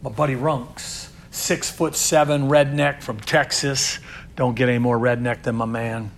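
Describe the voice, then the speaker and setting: A man who leads a youth group, telling stories in an inspirational sermon, earnest and repeating words as he builds, dropping to a hush and then rising loud. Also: mid-range voice, fairly even intonation, measured pace, slight background noise. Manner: earnest, swings from hushed to loud emphasis.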